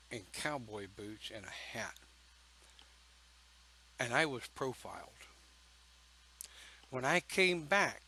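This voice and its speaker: A man telling a personal story in a slow, folksy, emphatic way, with pauses between phrases. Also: a little high, bright, forceful tone, a little hiss or hum, rough recording. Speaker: pagan church speaker.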